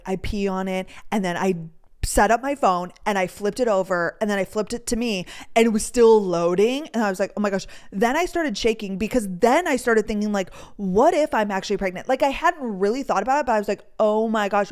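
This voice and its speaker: A woman's voice: medium pitch, a little fast, a little mellow. A young woman, hosting a podcast and chatting casually through a rambling storytime. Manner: bubbly, chatty, rambling with lots of "like". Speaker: podcast host.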